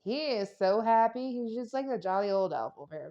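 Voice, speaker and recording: A woman's voice: a little high, lively intonation, fairly quick, mellow, dull audio. Playful chatty woman reading tarot. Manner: chatty, playful, rambling, with silly sound effects. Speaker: tarot reader. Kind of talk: casual tarot reading to camera.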